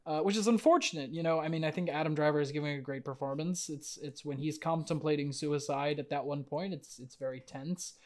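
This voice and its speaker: A man's voice: on the high side, steady tone, brisk, few pauses, a little mellow. Rambling man hedging on a podcast. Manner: rambling, hedging, lots of "like" and restarts. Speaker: podcast host. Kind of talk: casual chat.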